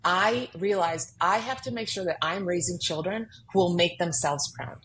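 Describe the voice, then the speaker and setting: Woman on a podcast telling her story, low voice, really emphatic, bit of faint background hiss. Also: normal speed, fairly bright tone, poor audio. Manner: earnest, emphatic, acts out quoted inner voices. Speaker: guest author. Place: podcast studio.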